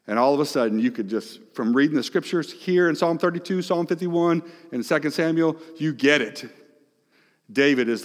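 A male pastor preaching a sermon, swinging between hushed, soft phrases and loud, emphatic ones. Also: a little high, lively intonation, a little fast. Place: large church hall. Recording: long echoing hall reverb.

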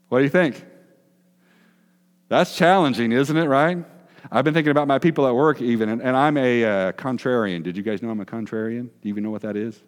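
Male preacher, mid-pitched, casual sermon delivery full of questions to the room, in a reverberant sanctuary. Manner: chatty, asks the congregation questions, self-deprecating asides. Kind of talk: conversational sermon. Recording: long hall reverb.

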